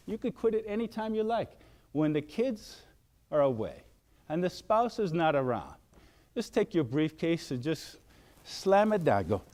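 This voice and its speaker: An older man giving a motivational wellness talk, animated and acting out shouted outbursts. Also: a little high, moderate pace. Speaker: wellness speaker.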